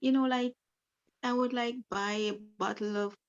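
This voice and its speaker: In a counseling role-play, a woman plays a troubled client, speaking at normal speed in a steady, rather high voice. She repeats herself, leaning constantly on phrases like "you know." The audio comes over a video call with the highs cut off.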